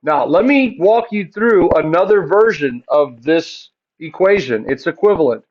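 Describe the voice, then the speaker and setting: A man's voice: a little high, lively intonation, measured pace, highs cut off. A man teaching a math class, chatty and joking, asking his students questions and answering them himself.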